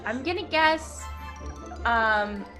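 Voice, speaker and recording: A young woman as a guest on a casual quiz, talking in an animated way, laughing often and shrieking when she gets answers wrong. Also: a little high, very slow, over music. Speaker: guest musician.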